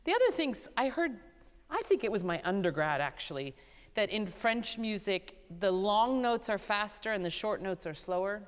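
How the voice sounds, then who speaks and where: A woman teaching a vocal master class, animated and playful, who often sings short phrases to show what she means. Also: mid-range voice, moderate pace, clean tone. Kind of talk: coaching a singer in a master class. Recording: hall reverb, live concert hall.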